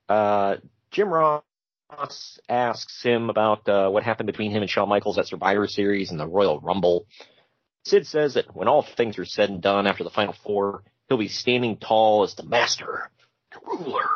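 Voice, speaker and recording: A man's voice: lowish voice, moderate pace, no room sound. A man co-hosting a podcast, casually recapping wrestling with jokey asides and frequent laughs. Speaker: podcast co-host. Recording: dull lo-fi sound.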